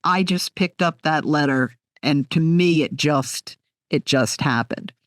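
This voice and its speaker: A woman in her sixties, an author being interviewed, telling stories in an animated, heartfelt way. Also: low-pitched, measured pace, dry recording, studio quality. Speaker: author guest. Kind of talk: conversational interview.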